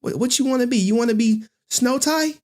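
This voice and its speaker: A man's voice: extremely high pitch, a little fast, darkish tone, voice pushed up. A man voicing a pushy male street hustler who keeps pleading and repeating himself as he pushes props on a buyer. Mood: hustling.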